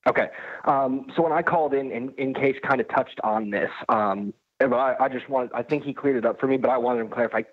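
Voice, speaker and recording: A man's voice: medium pitch, a little fast. A man calling into a sports podcast, asking his question hesitantly with many restarts. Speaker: caller. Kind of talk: call-in question. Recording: tinny phone line.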